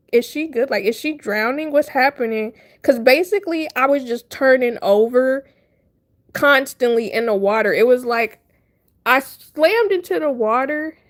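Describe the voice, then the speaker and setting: A young woman with a higher-pitched voice is livestreaming, telling her chat a funny story in a casual, animated way. She laughs often and dramatically acts out her own panic as she retells it.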